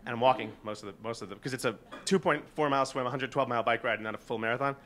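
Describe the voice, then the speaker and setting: A man in his forties telling a funny personal story, animated and profane, often laughing. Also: mid-range voice, rapid-fire. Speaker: guest storyteller.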